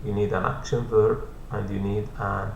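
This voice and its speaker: A man teaching an English grammar lesson, repeating each point slowly and patiently, speaking English as a second language with Arabic as his first. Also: fairly low pitch, level tone, a little mellow. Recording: echoey room, faint hum.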